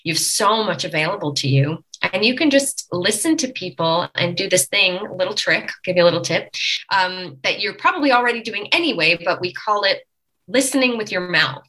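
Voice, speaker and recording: A woman from Long Island, a dialect coach, giving animated, instructive explanations as a guest in a podcast interview. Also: fairly low pitch, brisk, rough recording. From Long Island, New York.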